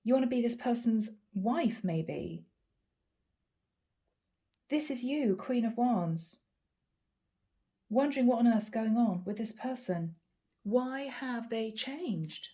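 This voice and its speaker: An Irish tarot reader gives a channeled reading in a chatty way, stretching out words for emphasis. Her voice sits on the high side, expressive and warm in tone.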